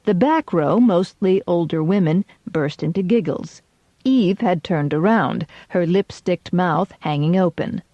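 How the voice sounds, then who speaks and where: A woman reads a first-person audiobook in a wry, measured way, her voice low and her pace unhurried. The recording is dry with no room sound and slightly dull in the highs. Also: warm tone, no echo. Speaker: audiobook narrator.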